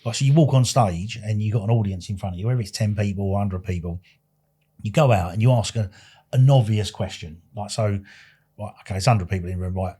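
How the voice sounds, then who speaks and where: A man's voice: on the low side, fast, breathy edge. A man in casual podcast chat, telling stories animatedly and acting out dialogue. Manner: animated, acts out dialogue, swears. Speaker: podcast guest.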